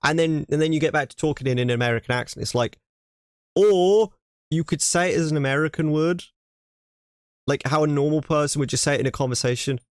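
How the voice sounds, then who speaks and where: A man's voice: a little high, a little fast, no room sound, studio quality. An English man reacting to a video on his stream, ranting animatedly and repeating himself in casual chat.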